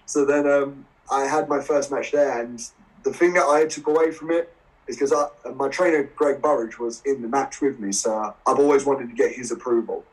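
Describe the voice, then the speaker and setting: A man in his twenties with an Essex accent, telling stories as a guest in a casual interview, animated and laughing often. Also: mid-range voice, moderate pace. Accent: English, Essex. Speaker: guest wrestler. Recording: voice a bit far from the mic.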